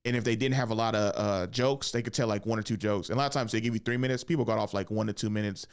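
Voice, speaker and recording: A young man hosting a podcast, telling a casual comedy story, swearing freely and jumping into high voices when he acts out what people said. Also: very fast, clear, resonant tone. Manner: animated, swears often, acts out quotes with big pitch jumps. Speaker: podcast host and stand-up comedian.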